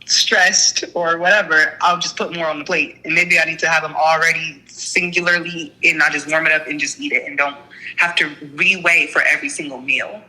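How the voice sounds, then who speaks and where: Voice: medium pitch, steady tone, moderate pace, sharp tone, low-quality recording. A person being coached on diet, talking candidly in a hesitant, unsure way that often trails off. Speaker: coaching client. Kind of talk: candid conversation.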